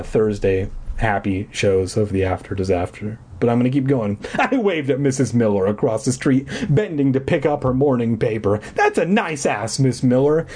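A man's voice: mid-range voice, a little mellow, breathy edge. A man reading a children's book aloud in a mock-dramatic way, breaking off for crude jokes. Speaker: reader.

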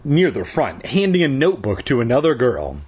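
A man's voice: mid-range voice, huge pitch swings, normal speed, a little mellow, slightly rough. A man reading a children's horror story aloud in first person, breaking off with crude joking asides. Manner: irreverent, joking. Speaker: reader.

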